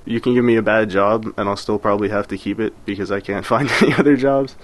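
A man's voice: on the low side, fairly even intonation, fast talker. An eighteen-year-old young man interviewed as a guest, talking casually and modestly with laughs.

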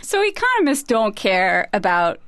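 A woman co-hosting a radio show, narrating and asking questions in a lively, curious way. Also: medium pitch, normal speed, no room sound, studio quality. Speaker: radio reporter and co-host.

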